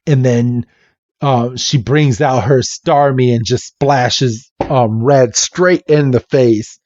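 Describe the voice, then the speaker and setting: A man's voice: medium pitch, fairly even intonation, slow, a little mellow, dry recording. A man hosting a podcast, recapping a story in a chatty way, stringing events together with "he's like.". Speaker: podcast host. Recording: dull, muffled lo-fi recording.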